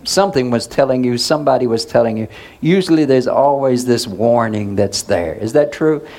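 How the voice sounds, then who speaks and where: A man's voice: mid-range voice, animated, moderate pace, a little mellow. A male pastor preaching in a conversational way, asking the congregation questions and waiting for answers. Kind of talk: sermon.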